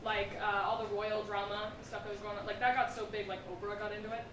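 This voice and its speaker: A young woman performing a stand-up comedy set on a theatre stage, telling animated stories with asides to the crowd. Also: medium pitch, fast talker, far from the mic. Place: theatre stage with a live audience. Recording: roomy hall recorded from afar, noisy.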